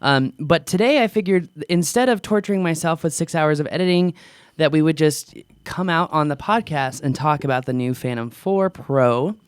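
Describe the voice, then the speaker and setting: An excitable man hosts a casual podcast and talks in quick bursts. His voice sits a little high for a man. The studio mic sound is close and dry, with no room echo. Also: smooth. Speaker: podcast host.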